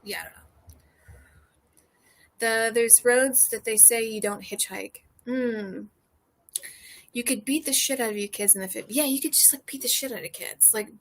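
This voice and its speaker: A woman's voice: fairly high pitch, slightly rough. A young American woman streaming a casual chat, a little tipsy, rambling loosely with lots of fillers and swearing. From United States. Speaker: streamer chatting with viewers. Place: porch outdoors.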